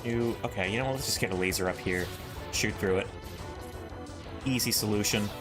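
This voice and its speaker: A man's voice: on the low side, brisk. Playful man chatting over game music. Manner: playful, jokey, talks to himself while playing. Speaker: let's play host. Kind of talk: casual gameplay commentary.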